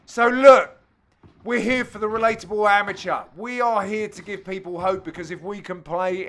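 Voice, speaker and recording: A man hosting and giving jokey, self-mocking commentary over amateur match highlights, with sudden loud exclamations. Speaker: host and commentator.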